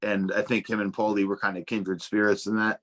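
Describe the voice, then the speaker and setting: A man's voice: on the low side, level tone, a little fast, fairly bright tone. A young adult man telling casual stories as a guest, swearing freely and stumbling through restarts. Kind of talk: casual storytelling.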